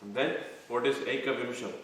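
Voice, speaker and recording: Male scripture teacher, measured explaining style, echoey room with faint background noise. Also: mid-range voice, steady tone, fairly bright tone. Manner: explains terms slowly, quizzes listeners. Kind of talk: devotional scripture lecture. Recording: echoey room, mic far off.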